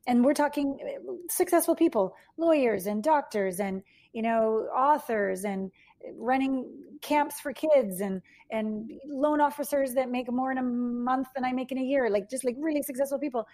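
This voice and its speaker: A woman relationship coach talking as a podcast guest, energetic and enthusiastic as she tells stories. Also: on the high side. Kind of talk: casual conversation.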